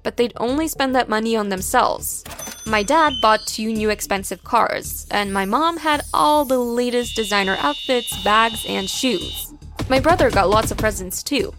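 A woman narrating a first-person story in an expressive, dramatic way. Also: a little high, a little slow. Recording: background music.

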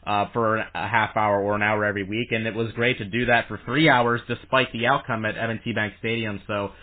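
A man's voice: fairly low pitch, flat delivery, fairly quick. A man hosting a sports podcast, chatting casually with fillers and plugging the show. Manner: chatty, promotional, with frequent fillers. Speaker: podcast host. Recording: tinny phone-line sound.

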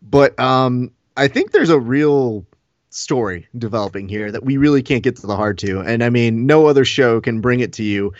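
A man's voice: mid-range voice, lively intonation, moderate pace, no room sound. A man co-hosting a podcast, chatting casually in dry, mock-formal compliments. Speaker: podcast co-host. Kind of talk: casual chat. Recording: dull dry lo-fi podcast audio.

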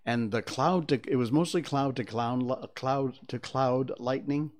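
Older man, talk show host, middling pitch, rambling, opinionated, lots of fillers, studio. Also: unhurried, darkish tone. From Connecticut. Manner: conversational, digressive, with many fillers.

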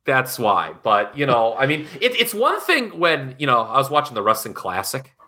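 A man co-hosting a podcast in loose, casual chat. His voice sounds bright and forceful, and it rises and falls widely as he talks. He speaks bluntly and swears freely. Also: mid-range voice, sing-song, normal speed. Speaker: podcast co-host. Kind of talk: casual wrestling review chat.

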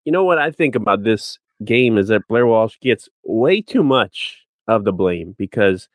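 Male co-host, low voice, relaxed sports talker, dry recording. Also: a little slow, no room sound. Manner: relaxed, breaks into argued points. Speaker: podcast co-host. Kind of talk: casual chat and sports analysis.

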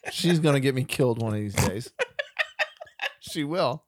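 A man's voice: medium pitch, expressive, normal speed, no room sound, studio quality. A man co-hosting a podcast in casual chat, emphatic and swearing when worked up. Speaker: podcast co-host.

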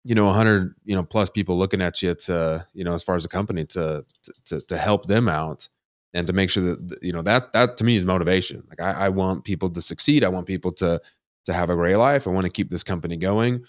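In studio-quality audio without echo, a podcast host speaks fast in a low voice. He's candid and wanders in this casual interview, leaning heavily on fillers such as "like" and "you know."

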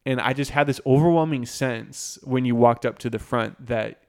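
A man's voice: medium pitch, normal speed. A young man co-hosting a podcast, telling a story in a casual, chatty, self-deprecating way with lots of fillers. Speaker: podcast co-host.

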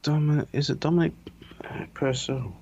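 A man's voice: a little high, normal speed, warm tone, lo-fi sound, a little hiss or hum. A man in casual chat, laid-back and swearing constantly, with frequent restarts.

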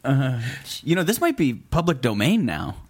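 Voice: mid-range voice, huge pitch swings, moderate pace, breathy edge. Improv performer, customer role, incredulous and bouncy. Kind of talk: improvised comedy scene.

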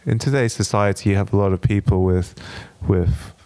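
A man's voice: fairly low pitch, moderate pace, over loud music. A man hosting a casual podcast, speaking hesitantly and repeating his words. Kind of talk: casual chat.

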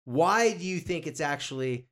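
Animated male podcast host. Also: on the high side, normal speed. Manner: animated, acts out quotes and jokes. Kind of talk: casual podcast chat.

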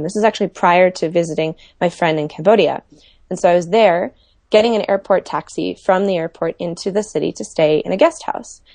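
A woman's voice: on the low side, vocal fry, mellow, dry recording. A woman telling travel stories in a chatty podcast conversation, with lots of fillers. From United States. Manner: chatty storyteller, many fillers. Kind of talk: casual podcast chat.

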